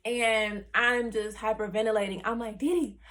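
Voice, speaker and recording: A young woman vlogger telling a personal story in a chatty, animated way, full of "like" and "you know.". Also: mid-range voice, normal speed. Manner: animated, acts out her family's reactions.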